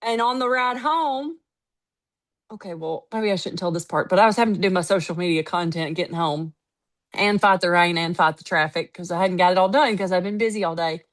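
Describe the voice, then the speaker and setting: A woman's voice: on the low side, fairly quick. Emphatic woman telling stories. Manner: storytelling, quoting others, lively and emphatic. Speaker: network marketing team leader. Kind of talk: casual motivational talk.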